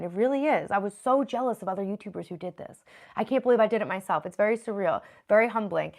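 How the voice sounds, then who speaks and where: Chatty woman streamer thanking her chat. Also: medium pitch. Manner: chatty, thanking viewers by name, earnest. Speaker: live streamer reading chat. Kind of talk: casual live-stream chat. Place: home bedroom office. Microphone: computer at her desk.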